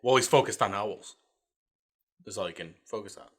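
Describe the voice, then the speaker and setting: A man's voice: fairly low pitch, moderate pace, a bit bright, breathy edge. A man co-hosting a podcast in casual chat, joking and laughing often. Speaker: podcast co-host.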